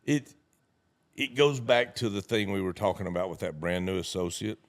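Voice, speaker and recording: A man's voice: low voice, moderate pace. A man telling folksy stories in a casual chat and acting out the dialogue. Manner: folksy storyteller, acts out dialogue. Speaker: network marketing leader.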